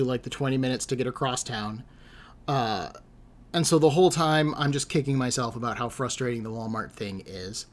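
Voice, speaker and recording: A man with a middle-pitched voice tells a long, meandering story in a casual chat. He sounds exasperated and a little self-deprecating as he stacks up one mishap after another. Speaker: streamer telling a story.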